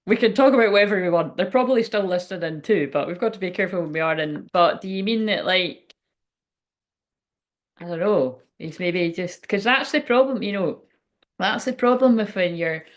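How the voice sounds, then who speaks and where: A woman talks casually on a home livestream, rambling from thought to thought with frequent swearing and breathless half-finished sentences. Her voice sits at a middle pitch. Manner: rambling, emotional, swears freely, frequent laughs. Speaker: psychic medium livestream host.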